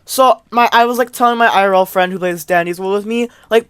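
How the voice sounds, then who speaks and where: A woman telling a gaming storytime as a casual, rambling rant, exasperated and often trailing off quietly. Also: mid-range voice, fast talker, smooth, no echo.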